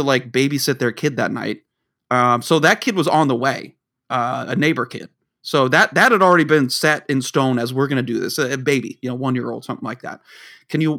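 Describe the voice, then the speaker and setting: A man's voice: medium pitch, bright, forceful tone. A man telling a story in casual chat, rambling and swearing, stumbling over his words and restarting often. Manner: rambling, profane, stammers and restarts.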